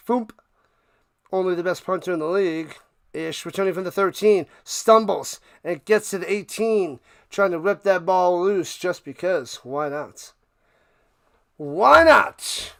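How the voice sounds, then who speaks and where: A man's voice: high voice, gravelly, a bit bright, clear, resonant tone, dry recording, studio quality. A man hosting a casual live stream, calling football play by play in a playful, hyped way while chatting with viewers. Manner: playful, hyped, talks to chat, sings and riffs.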